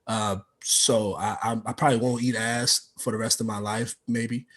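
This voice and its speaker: A man's voice: on the low side, little pitch movement, normal speed, fairly bright tone. A young man doing a rambling, slangy stand-up set, telling stories with lots of asides. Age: young adult. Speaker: stand-up comedian.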